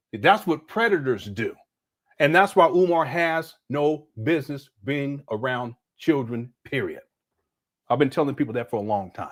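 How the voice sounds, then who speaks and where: A middle-aged man hosting a livestream, reacting to a clip with frequent laughter and chatting to viewers. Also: a little high. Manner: laughs a lot, talks to chat viewers. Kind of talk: casual reaction commentary.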